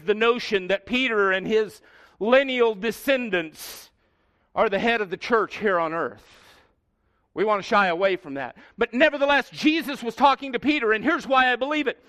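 A middle-aged man preaching a sermon as pastor, emphatic, slowing down and dropping his voice on key words. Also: very high-pitched, pushed and bright.

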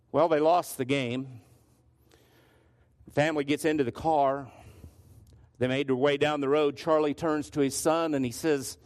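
A male pastor preaching a sermon, telling stories and often restarting his phrases. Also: high voice. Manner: storytelling with frequent restarts.

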